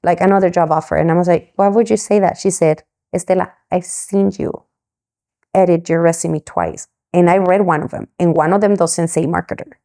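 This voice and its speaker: A middle-aged Mexican woman, appearing as a podcast guest, tells a story in an interview and acts out other people's lines. Her voice is fairly low and a little fast, with vocal fry, and her delivery is animated as she performs the quoted dialogue.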